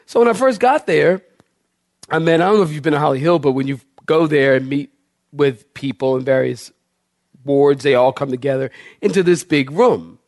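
A male pastor delivers a sermon to his congregation, mixing scripture with a lively, humorous story. His voice sits high for a man and carries a gravelly edge. He jumps between quiet asides and loud, animated peaks. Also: normal speed, no room sound, studio quality. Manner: animated, humorous storytelling with big pitch swings.

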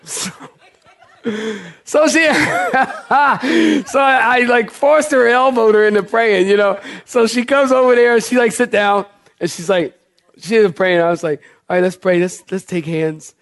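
A male pastor delivers a sermon to his congregation, mixing scripture with a lively, humorous story. His voice sits high for a man and carries a gravelly edge. He jumps between quiet asides and loud, animated peaks. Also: normal speed. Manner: animated, humorous storytelling with big pitch swings.

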